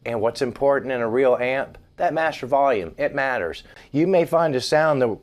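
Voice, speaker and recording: A man with a mid-range voice and lively intonation reviews a guitar amp in a casual demo vlog, talking at normal speed with few pauses. He tosses wisecracks between demonstrations while guitar plays behind him.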